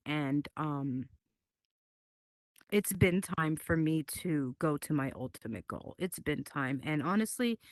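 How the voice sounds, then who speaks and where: A woman giving an emotional personal statement as a talk show guest, halting and earnest, often repeating her words. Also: on the low side, a bit bright, no echo.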